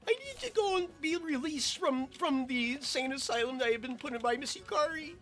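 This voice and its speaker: Guy putting on a squeaky worried fox spirit woman, begging around for her cat, kinda soft. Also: lively intonation, a little fast, soft background music. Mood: plaintive.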